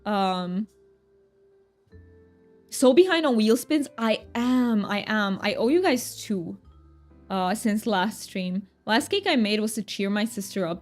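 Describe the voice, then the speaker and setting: A woman's voice: medium pitch, animated, unhurried, soft background music. A woman streamer chatting casually while gaming, reading her chat aloud, answering viewers and laughing often.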